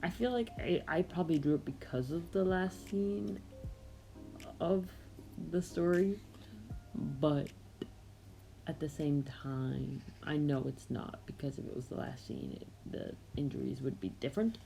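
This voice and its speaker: A woman's voice: low-pitched, unhurried, creaky, dark tone, faint music behind, poor audio. A woman narrating her own drawing process in a casual, meandering way, often hesitating and correcting herself. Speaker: artist narrating a drawing video. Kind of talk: casual rambling voice-over.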